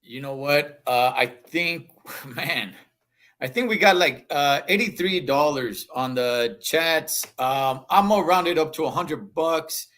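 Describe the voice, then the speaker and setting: A man's voice: fairly high pitch, animated, takes it slowly, fairly bright tone. A male host wrapping up his show in a casual, enthusiastic way, slipping in Spanish words. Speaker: podcast host.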